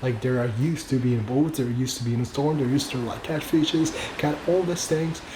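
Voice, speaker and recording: A man's voice: medium pitch, normal speed, reverberant, background noise. A man casually retelling a Bible passage and giving a short devotional, speaking informally and using "like" often, with non-native phrasing.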